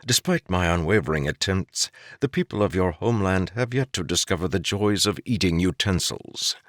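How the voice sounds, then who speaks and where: A man's voice: sits low, animated, moderate pace, fairly bright tone, no echo. A man reading the part of a wry male court jester with dry, teasing banter, in an audiobook.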